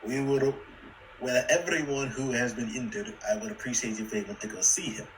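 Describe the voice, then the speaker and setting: A young man playing a tabletop game, speaking in a measured, slightly formal way. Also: medium pitch, fairly even intonation, a little hiss or hum, poor audio. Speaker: player. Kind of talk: in-character tabletop play.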